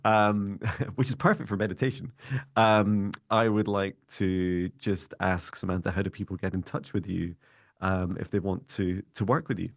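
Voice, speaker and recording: A man hosting a podcast in a calm, monotone voice, chatting reflectively and then leading a slow guided meditation. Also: sits low, vocal fry, no room sound, clean studio sound. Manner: calm, reflective, speaks in slow measured phrases when guiding breathing. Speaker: podcast host.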